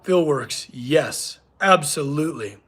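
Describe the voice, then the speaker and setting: A man's voice: on the high side, animated, slow pace, a bit bright, slightly rough. A young man, a blacksmith in his home shop, chatting casually on a live stream and reading chat aloud. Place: home workshop.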